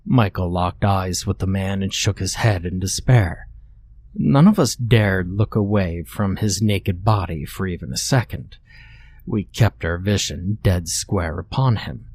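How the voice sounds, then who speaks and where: A man narrating a scripted horror-comedy story in a deadpan, matter-of-fact way. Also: deep voice, unhurried, slightly rough, no echo.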